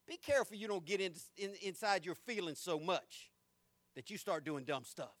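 Preacher, male, high and forceful, folksy and emphatic delivery. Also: lively intonation, normal speed, no echo. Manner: folksy, emphatic, shouts at peaks. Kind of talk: sermon.

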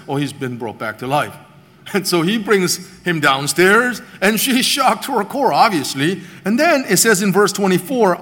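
Animated male preacher in a reverberant hall. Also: sits high. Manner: animated storytelling, voicing biblical characters. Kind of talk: sermon.

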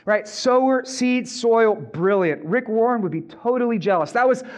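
A man voicing a nervous, flattering male disciple who gushes with praise. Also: very high-pitched, normal speed. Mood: gushing. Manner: gushing, overeager.

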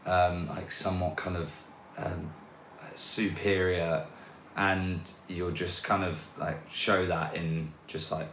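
A man's voice: low-pitched, little pitch movement, takes it slowly, fairly bright tone, slight background noise. A man guest on a podcast interview, talking casually and hesitantly with many restarts and fillers. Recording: roomy echo.

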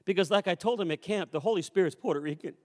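High-voiced preacher man in a reverberant church. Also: fast talker. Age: 50s. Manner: animated, swings between loud calls and quiet asides. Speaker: pastor. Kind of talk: sermon with storytelling. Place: church sanctuary. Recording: long reverb of a church hall.

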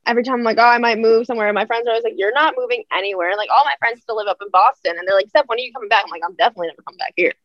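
A woman's voice: a little high, racing, hardly any pauses, no echo, lo-fi sound. A young woman, a podcast host guesting, chatting bluntly with a sarcastic edge. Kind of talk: casual chat.

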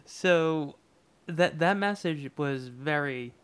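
A man's voice: a little high, slow pace, fairly bright tone, smooth. A man co-hosting a podcast, chatting casually and rambling about a TV episode with lots of fillers and chuckles. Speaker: podcast co-host. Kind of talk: casual chat reviewing a TV episode.

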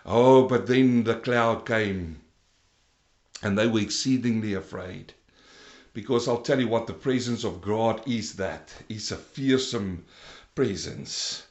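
Guy preaching a sermon, kinda high voice, big swings loud to hushed, echoey room. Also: sing-song, measured pace. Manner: preaching with sharp swings between loud rising emphasis and low quiet passages.

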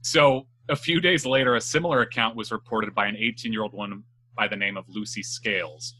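A man's voice: fairly low pitch, a little fast, sharp tone. A man hosting a casual chat, telling a spooky legend with jokes and swearing. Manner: joking, swears freely, laughs while telling. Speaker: podcast host telling a legend.

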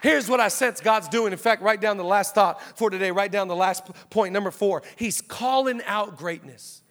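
A male pastor preaching an energetic sermon, telling stories and rousing the congregation with call-outs. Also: high voice, normal speed, a faint crowd. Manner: animated storytelling, rousing the church with call-outs. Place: church auditorium.

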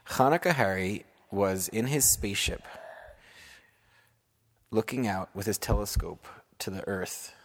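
Man, father, improvised bedtime story, slow, gravelly, low voice. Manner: unhurried, asks the children questions. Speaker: parent telling a story to his children.

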